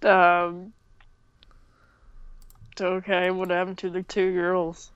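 Slow-talking young woman on a dull lo-fi mic. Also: lowish voice, completely flat delivery, clear, resonant tone, dry recording. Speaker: podcast co-host. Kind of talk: casual chat.

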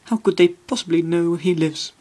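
A woman's voice: fairly low pitch, steady tone, a little fast, warm tone, pitched above the performer's own voice, close to an everyday voice. A man voicing an anxious middle-aged housewife who quivers and stammers as she talks. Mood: fretful.

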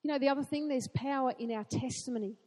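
A woman preaching a sermon in an earnest way, asking rhetorical questions and building to excited emphasis. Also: high-pitched, quick pace, long reverb tail.

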